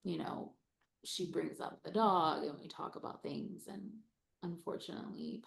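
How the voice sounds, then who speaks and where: Woman panelist, low voice, strong creaky fry, halting and hushed. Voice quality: heavy vocal fry. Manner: soft, halting, trails into whispers. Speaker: panelist, parent living with cancer. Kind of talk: panel discussion.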